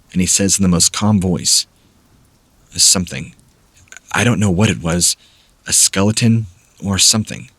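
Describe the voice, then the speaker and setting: A man reading first-person scary camping stories aloud as a measured, steady narrator. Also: low voice, husky, dry recording. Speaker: horror story narrator.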